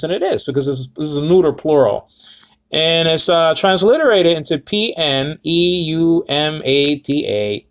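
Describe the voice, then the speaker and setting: Rambling man teaching Greek words. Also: fairly high pitch. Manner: rambling, self-correcting, many fillers. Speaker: Bible teacher. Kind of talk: casual Greek word lesson.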